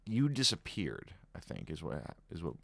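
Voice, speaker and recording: A man's voice: rumbling low, wildly swooping pitch, moderate pace, creaky, fairly bright tone, no room sound. A man streaming a game live, thinking aloud in a musing, questioning way with frequent chuckles.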